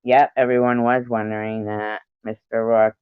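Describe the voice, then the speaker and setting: A woman's voice: extremely low pitch, flat delivery, moderate pace, clean tone, dry recording, phone-quality sound. A woman hosting a casual livestream who teases her viewers and reads their messages aloud. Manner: playful, teasing, answers chat messages aloud; tries out joke accents. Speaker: livestream host.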